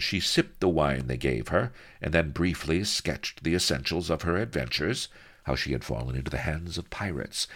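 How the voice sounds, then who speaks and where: Gravelly, theatrical male storyteller. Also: a bass voice, a bit bright. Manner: wry, theatrical. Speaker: narrator. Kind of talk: expressive storybook narration.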